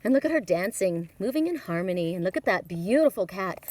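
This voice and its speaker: A woman's voice: mid-range voice, very animated, brisk, darkish tone. A woman in her fifties doing a casual oracle card reading outdoors in a windy mountain forest, chatty and rambling with frequent repeats. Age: 50s.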